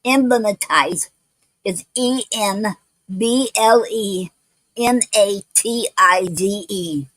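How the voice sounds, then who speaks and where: A woman hosting a poetry livestream, talking in a halting way with many restarts, spelling out words letter by letter, some words not coming out clearly. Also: medium pitch, fairly bright tone, dry recording, low-quality recording. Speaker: poetry show host. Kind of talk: casual livestream talk. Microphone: home livestream mic.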